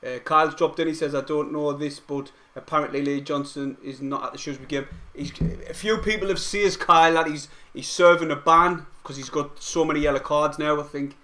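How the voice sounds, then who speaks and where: Young Mackem bloke, stream host, fairly high voice, slangy and chatty, breaks into excited match commentary. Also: male voice, fairly quick, hardly any pauses. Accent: Mackem (Sunderland). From Sunderland, England. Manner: broad slangy talk, livens up into excited play-by-play. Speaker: fan live-stream host. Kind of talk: casual fan commentary and chat.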